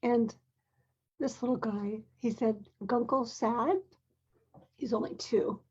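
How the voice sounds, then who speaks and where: An older woman, a parent and grandmother, telling a personal story in a gentle, earnest, measured way, now and then clearing her throat. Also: fairly high pitch, steady tone, muffled recording.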